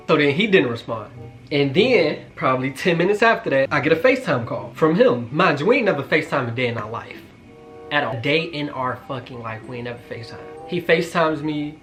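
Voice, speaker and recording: A young man in his twenties telling a casual storytime, joking and slangy, with quick asides to his viewers. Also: a little high, fairly bright tone. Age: 20s. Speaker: vlogger.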